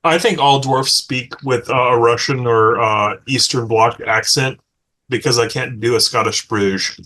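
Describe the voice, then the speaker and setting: A man's voice: medium pitch, measured pace, pushed and bright. A man runs a tabletop game in easy, joking table talk that slips into profanity now and then. He sounds like he is among friends. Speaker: game master. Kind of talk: casual tabletop game chat.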